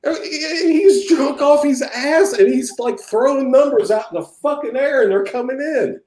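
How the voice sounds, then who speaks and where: A man's voice: very high voice, moderate pace. A male host laughing and telling stories in casual banter on a live betting stream. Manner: laughing, animated storyteller. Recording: echoey room.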